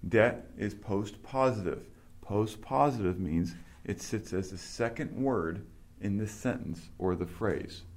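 A man's voice: lowish voice, measured pace, few pauses, darkish tone. Patient man teaching a small class. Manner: patient, questioning, explains step by step. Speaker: Greek teacher. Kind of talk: classroom instruction.

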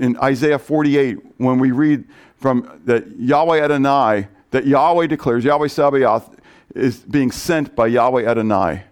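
A man preaching a sermon, reading scripture aloud and often asking the congregation questions. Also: medium pitch. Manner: reads scripture aloud with rising emphasis. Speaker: pastor.

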